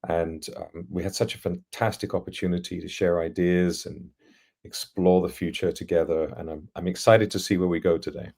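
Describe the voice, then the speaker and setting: Deep-voiced male guest, easygoing and affable. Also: moderate pace, vocal fry. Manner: relaxed, friendly, joking. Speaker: podcast guest. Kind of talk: podcast interview.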